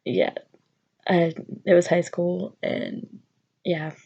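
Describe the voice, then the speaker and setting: A woman's voice: fairly low pitch, very animated, slow pace, creaky, dark tone, breathy edge, lo-fi sound. A young woman telling a personal story in a vlog, nervous and rambling with many fillers. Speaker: vlogger.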